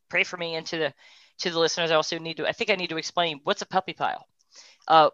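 A woman tells her story in a heartfelt personal testimony. Her voice drops to a hush, then lifts into quick, animated bursts. The sound is dry and a little muffled, as on a lo-fi recording. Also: low-pitched, dry recording. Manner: heartfelt, swings from hushed to animated. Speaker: guest sharing a personal story.

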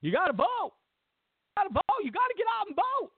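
Guy doing a high squeaky bossy politician yelling, dry and lo-fi like a phone. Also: wildly swooping pitch, moderate pace, dry recording, heavily acted. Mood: ranting. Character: shouting male politician, as a stern principal. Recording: tinny phone-like line.

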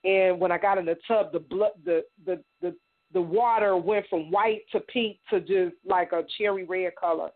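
A middle-aged woman from Indiana giving personal testimony in a radio interview, halting and repeating words as she acts out what others said. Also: fairly low pitch. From Indiana, United States. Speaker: guest survivor telling her story. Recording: tinny phone-like radio sound.

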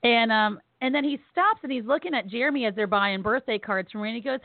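Animated woman telling stories over a tinny line. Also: fairly high pitch, fast talker, hardly any pauses, no echo. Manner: animated, laughing storyteller acting out quotes. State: recovering from surgery, on pain meds. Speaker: podcast co-host. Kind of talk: casual storytelling chat.

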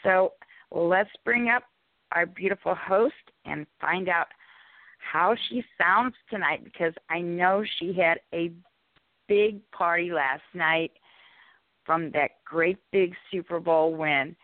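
A woman's voice: on the low side, slow, no echo. A woman announcing and co-hosting a call-in show, reading a scripted introduction in an upbeat, promo-style manner. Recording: tinny phone line.

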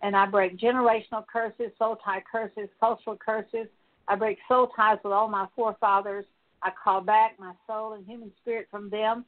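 Woman praying a long confession litany, even steady pace, mid pitch, sounds like over a phone. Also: narrow, tinny audio. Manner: steady repeated litany of petitions. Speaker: prayer minister. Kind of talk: spoken prayer of confession.

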